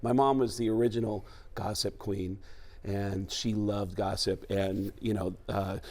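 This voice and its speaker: A man from New York, a talk-show guest impressionist, telling stories in animated casual chat and breaking into voices. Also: fairly low pitch, measured pace.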